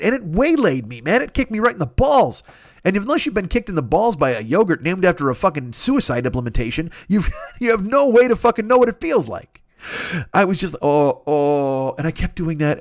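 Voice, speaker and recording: Fast-talking profane man ranting comically. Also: high-pitched, no echo, clean studio sound. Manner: profane, exaggerated, riffing, quick voice shifts. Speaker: podcast host. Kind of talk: casual comedic rant.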